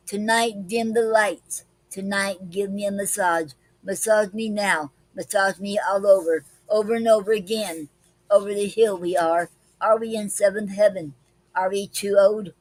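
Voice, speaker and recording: A woman hosting a live-streamed poetry club reads her poems slowly and deliberately, with pauses and "um"s between them. Her voice sits at a middling pitch. The sound is dry and close, with no room echo. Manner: slow deliberate reading with many pauses and fillers.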